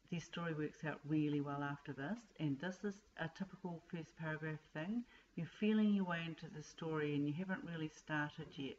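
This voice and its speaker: A woman's voice: deep voice, darkish tone, dull audio, a little hiss or hum. A woman, a writing teacher giving plain, direct advice to students.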